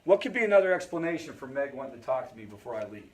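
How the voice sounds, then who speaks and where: A man who leads a family recovery group teaches in a sing-song, medium-pitched voice at a racing pace, with crowd noise around him. He's conversational, often checking in with the audience and dropping storytelling asides.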